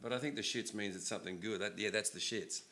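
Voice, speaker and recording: A man's voice: on the low side, fast, bright, forceful tone. An Australian man, a guest musician, joking around in casual, self-deprecating chat.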